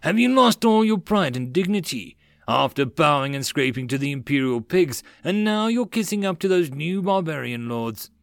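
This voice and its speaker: A man's voice: on the high side, big pitch swings, moderate pace, vocal fry, no echo, voice pushed up. A man voicing a scheming, angry ex-slave rebel leader who hisses with bitter fervor. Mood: scornful. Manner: hissing, bitter, fervent.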